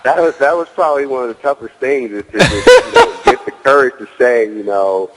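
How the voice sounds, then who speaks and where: A man's voice: medium pitch, wildly swooping pitch, fairly quick, hardly any pauses, in a large hall, rough recording. A man as a guest in an interview, telling a story casually, leaning on "you know" and acting out his own dialogue. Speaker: guest, real estate wholesaler.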